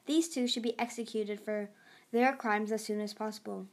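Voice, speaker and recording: A woman's voice: mid-range voice, steady tone, moderate pace, natural voice. A woman doing a purring, scheming dragon. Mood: silky. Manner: smooth, purring. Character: scheming, silky female desert dragon queen.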